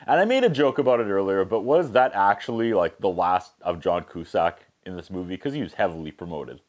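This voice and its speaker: A man recapping a movie's plot with sarcastic asides, briefly acting out the characters in quick voices. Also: sits low, expressive, darkish tone. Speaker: movie reviewer.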